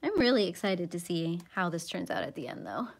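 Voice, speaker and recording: A woman's voice: on the low side, big pitch swings, fairly quick, vocal fry, breathy edge. A woman hosting a coloring livestream, chatting casually with viewers in a playful, self-mocking way and sometimes dropping to a whisper as she concentrates. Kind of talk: casual chat with live viewers.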